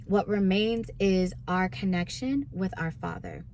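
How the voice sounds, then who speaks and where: A woman minister gives a relaxed devotional teaching in a conversational way. She keeps checking in with her listeners and slips into quoted voices to act out their complaints. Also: medium pitch, measured pace, a little hiss or hum. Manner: conversational, asks listeners "right?".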